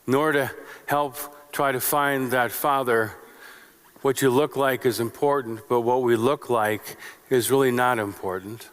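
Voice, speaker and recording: A man's voice: medium pitch, fairly even intonation, measured pace, a bit bright. A male pastor preaching a sermon in short, repeated phrases and rhetorical questions. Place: church sanctuary. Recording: long reverb of a church sanctuary.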